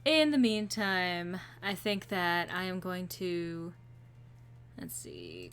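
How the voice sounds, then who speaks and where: A woman's voice: lowish voice, slow, fairly bright tone, a little hiss or hum. A woman streaming a game and chatting casually with a co-host and viewers, playful and full of fillers.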